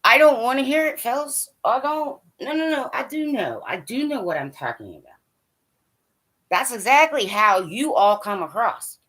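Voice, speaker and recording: Woman vlogger, high bright voice, blunt and profane, scolds like an angry fan. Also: sing-song, moderate pace. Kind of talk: ranting monologue to camera.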